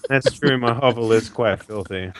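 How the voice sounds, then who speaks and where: A young man playing a tabletop game, goofy and excitable. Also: mid-range voice, moderate pace, over a noisy crowd. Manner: goofy, excitable, laughing often. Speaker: player.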